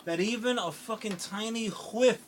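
A male podcast co-host in casual comedic chat, animated and swearing freely, breaking into theatrical outbursts. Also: high-pitched, moderate pace, noisy background.

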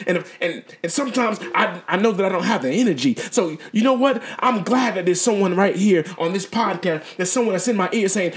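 Brief: middle-aged male podcast host, high voice, earnest encourager, stumbles and repeats himself. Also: animated, fairly quick, hardly any pauses. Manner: repetitive, stumbling, earnest and exhortative. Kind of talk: motivational podcast monologue.

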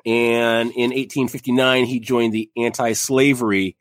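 A man's voice: mid-range voice, little pitch movement, a little slow. A young adult man casually telling a history story on a podcast, rambling with fillers and jokey asides.

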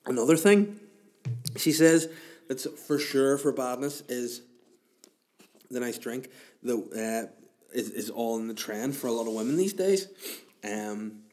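A man's voice: medium pitch, a little slow, long pauses, a little mellow. A man in his thirties, hosting a podcast alone in a room, telling a rambling comic story. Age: 30s. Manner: rambling, jokey, self-interrupting. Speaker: podcast host. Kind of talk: casual comedic monologue. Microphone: podcast microphone.

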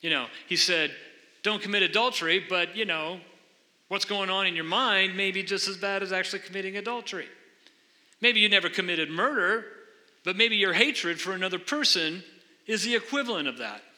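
The preacher here speaks in a high, bright, forceful voice at an ordinary pace. Earnest and probing, he explains scripture and questions the congregation in a church sanctuary, with the long reverb of a hall around him.

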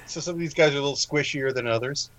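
A man's voice: on the high side, fast, a bit bright, no room sound, poor audio. A man co-hosting a podcast, chatting casually about a film, laughing often and acting out quotes.

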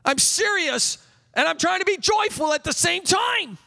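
A male pastor preaching an exuberant sermon. He bursts into yelling at times and leads the congregation in call-and-response. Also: very high-pitched, lively intonation, normal speed, creaky, big-room sound. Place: church sanctuary.

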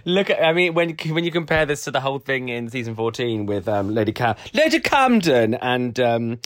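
A man co-hosting a podcast in casual chat, cheeky and teasing, quick to laugh. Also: mid-range voice, very animated. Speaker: podcast co-host.

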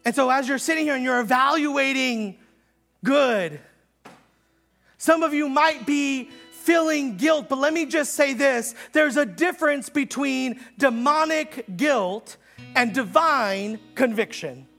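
Passionate preacher man, bright raspy voice. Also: very high voice, soft background music. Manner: swings from slow hushed lines to loud, fast preaching; repeats words, stammers on restarts. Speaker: pastor. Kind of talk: sermon.

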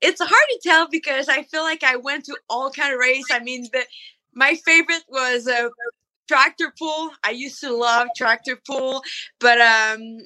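Bright high-voiced French woman. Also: measured pace, poor audio. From France. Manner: relaxed, hesitant with frequent uhs. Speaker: monster truck driver. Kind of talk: interview answers.

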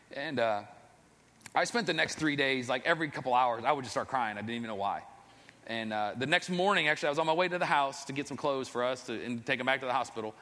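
A man's voice: on the high side, pushed and bright. A man, a father, telling his faith testimony in an earnest, rambling, self-deprecating storytelling way. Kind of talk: personal storytelling. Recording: long reverb, echoey hall.

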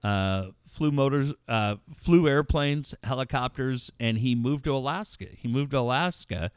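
A man's voice: medium pitch, measured pace, smooth, dry recording, clean studio sound. A middle-aged man telling a story in casual, profane podcast talk, acting out the voices of the people in it. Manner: profane, animated storyteller who acts out voices.

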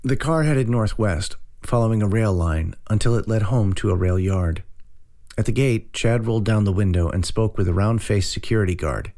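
A male audiobook narrator who tells the story in a steady, dry manner. His voice is low and gravelly with a touch of vocal fry. The pacing stays even throughout. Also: normal speed.

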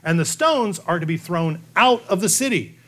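A man preaching an expository sermon, emphatic, slowing to dramatic phrases for weight. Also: sits high, expressive, a bit bright.

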